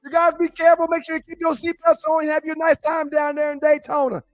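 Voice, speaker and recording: A man's voice: extremely high pitch, completely flat delivery, fast, soft background music, pitched above the performer's own voice. A man putting on the voice of a friendly, indulgent country police officer with a drawl. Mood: genial. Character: easygoing country cop, middle-aged man.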